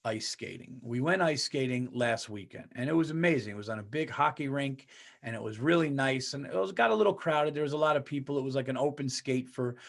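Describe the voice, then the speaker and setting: A man's voice: mid-range voice, creaky. A man hosting a comedy podcast, ranting in a casual, emphatic monologue full of swearing. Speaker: podcast host.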